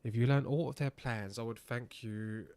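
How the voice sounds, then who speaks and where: A man's voice: medium pitch, steady tone, moderate pace, darkish tone, clear, resonant tone, lightly acted. A man reading as a weary old rebel elder. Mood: solemn. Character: stern aging male rebel elder, weary.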